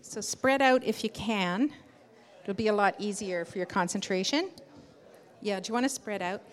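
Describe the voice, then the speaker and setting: A woman's voice: mid-range voice, moderate pace. Woman guiding a workshop group. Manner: friendly, encouraging, guiding. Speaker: workshop facilitator. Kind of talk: giving instructions to a group.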